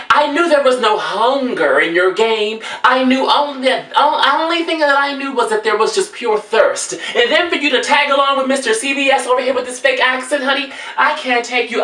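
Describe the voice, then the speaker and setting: Sassy woman ranting, high bright voice, kinda far from the mic in an echoey room. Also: lively intonation, normal speed, hardly any pauses. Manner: brassy and dramatic, calls listeners honey. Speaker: vlogger. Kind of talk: sassy storytelling rant.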